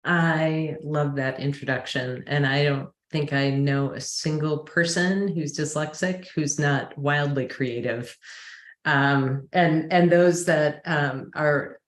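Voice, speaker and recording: A woman hosts an interview series in an enthusiastic, affirming way. Her voice sits low. The room around her sounds echoey. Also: steady tone, takes it slowly. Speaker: series host. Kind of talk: interview hosting.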